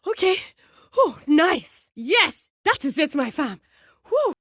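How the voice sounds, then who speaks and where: A woman's voice: sits high, big pitch swings, slow pace, dry recording, clean studio sound, full character voice. A woman voicing a confident, teasing young woman agent in a video game, with a South African accent and slangy lines. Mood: breezy teasing.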